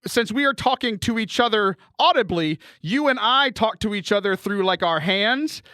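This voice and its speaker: High, lively joking male podcast host. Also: clear, resonant tone, no echo, clean studio sound. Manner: jokey, self-deprecating, quick laughs. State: has bronchitis. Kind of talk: casual chat.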